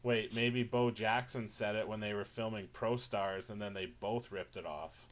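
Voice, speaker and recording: A man's voice: fairly low pitch, fairly even intonation, moderate pace. A man co-hosting a casual chat podcast, joking dryly in loose banter. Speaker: podcast co-host.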